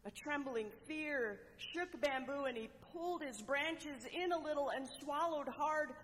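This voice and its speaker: A woman preacher telling a parable as a sermon, with measured delivery and dramatic pauses. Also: high-pitched. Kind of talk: sermon storytelling. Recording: long echoing hall reverb.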